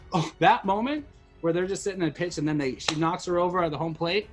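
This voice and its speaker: A middle-aged man co-hosting a podcast, rambling and getting emotional in casual chat, full of restarts. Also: a little high. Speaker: podcast co-host.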